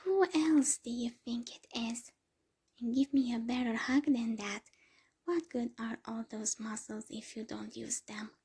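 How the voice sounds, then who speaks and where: A cheerful aunt in her fifties teases in a soft, breathy whisper, as a woman voices her. Whispered role-play from a storybook, slow and airy. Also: on the high side, steady tone, exaggerated voice. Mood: teasing.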